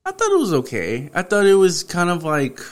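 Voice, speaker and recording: A man from Houston, a musician guest on a podcast, chatting in a relaxed, slangy way and chuckling. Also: high-pitched, fairly quick. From Houston, Texas. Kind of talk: casual chat.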